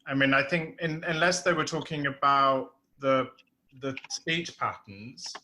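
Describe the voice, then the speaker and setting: A man's voice: medium pitch, a little slow, bright, forceful tone. A man with an Essex accent hosting an online playwriting Q&A, talking casually with many restarts. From England. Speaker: theatre director hosting a Q&A. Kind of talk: casual online workshop chat.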